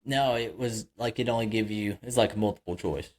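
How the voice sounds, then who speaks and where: A man's voice: fairly low pitch, brisk, a little mellow. A man co-hosting a casual podcast chat, talking loosely with lots of fillers and agreeing easily. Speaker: podcast co-host.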